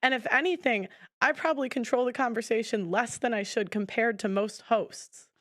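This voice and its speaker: A woman's voice: a little high, normal speed, a bit bright, dry recording, clean studio sound. A woman hosting a heated podcast debate, talking firmly and repeating her words when she is cut off. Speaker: podcast host.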